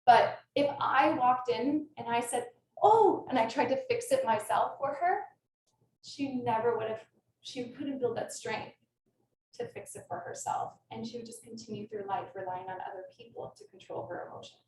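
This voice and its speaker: Woman teacher, fairly high voice, earnest and passionate, talking on a video call from a roomy space set back from the mic. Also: expressive, normal speed. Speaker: kindergarten teacher. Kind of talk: presentation to an audience. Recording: echoey room, distant mic, faint noise.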